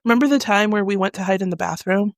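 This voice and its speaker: A woman's voice: mid-range voice, fast talker, no room sound, clean studio sound. A young adult woman co-hosting a podcast in casual chat, giggly and playful. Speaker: podcast co-host.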